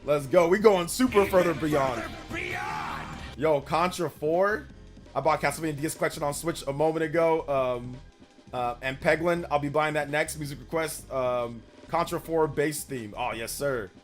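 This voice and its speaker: Guy streaming and reading chat, loose slangy rambly talk, bit higher voice, faint music behind. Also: normal speed. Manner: rambling, slangy, repeats himself. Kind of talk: casual live-stream chat.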